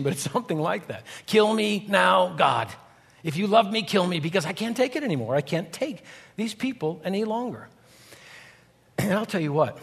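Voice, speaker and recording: A man preaching a sermon in a church, animated and folksy, acting out quotes with humor. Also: fairly high pitch, big-room sound. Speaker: guest preacher, university leader. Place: church sanctuary.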